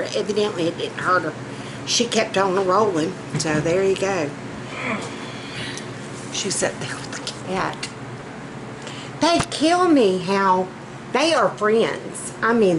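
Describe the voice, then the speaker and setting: A Southern vlogger cooks in her home kitchen, chatting casually in a mid-range voice with lively intonation. She takes it slowly, leaves long pauses, and rambles in a folksy way while a bit out of breath, a fan running noisily in the background.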